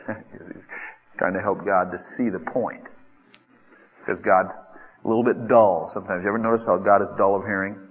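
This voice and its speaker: A man preaching a sermon, acting out desperate pleas in a lively way. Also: moderate pace, pauses often, husky, lo-fi sound. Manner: animated, acts out pleas with rising pitch. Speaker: pastor. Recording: reverberant hall.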